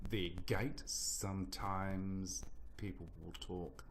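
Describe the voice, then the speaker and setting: A New Zealand man, a singer and guitarist, answering interview questions in a soft, quiet, unhurried way with a New Zealand accent. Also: low-pitched, little pitch movement, slight background noise.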